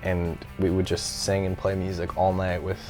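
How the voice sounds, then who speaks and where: A man's voice: sits low, completely flat delivery, moderate pace, a little mellow, soft background music. A man being interviewed in a studio as a musician guest, casual and joking. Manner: playful, joking.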